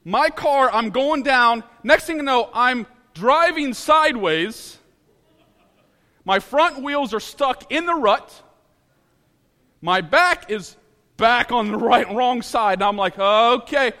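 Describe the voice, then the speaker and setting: A man from Ohio telling a personal story in an animated, dramatic way, laughing at himself as he goes. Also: very high voice, takes it slowly, big-room sound.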